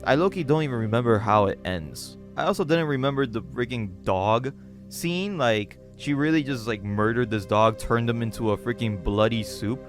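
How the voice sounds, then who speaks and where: Brief: young male host, loose chatty reaction talk, middle pitch, music faint underneath. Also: lively intonation, normal speed. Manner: casual, filler-heavy, joking. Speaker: manga reader and reviewer. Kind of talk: casual manga recap and reaction.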